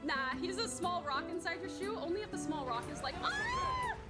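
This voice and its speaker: With game music in the background, a Tasmanian woman chats while streaming her gameplay, teasing herself playfully and swearing now and then. She has a very high, animated voice and talks a little fast.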